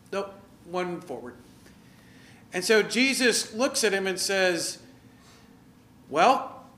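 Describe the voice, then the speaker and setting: A man preaching a sermon in a lively, conversational way, asking his listeners questions and directing slides. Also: sits high, echoey room, slight background noise. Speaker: pastor.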